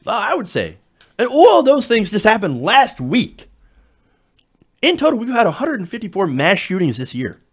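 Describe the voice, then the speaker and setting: A man delivering a political commentary monologue. His fairly high voice swings widely in pitch as he stresses points and repeats numbers for emphasis. He talks in an emphatic, argumentative way with occasional restarts. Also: wildly swooping pitch, normal speed, husky. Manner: emphatic, repeats key words, some restarts.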